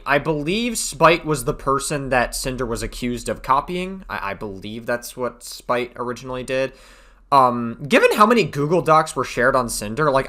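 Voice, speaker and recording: A man's voice: medium pitch, pushed and bright. A man hosting casual commentary, reading out messages with wry, swearing asides. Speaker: commentary host.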